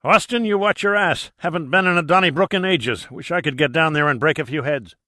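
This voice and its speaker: A man playing an excitable older ship captain who shouts and blusters over the radio. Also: on the high side, fairly quick, no echo, studio quality, pitched above the performer's own voice. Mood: gruff.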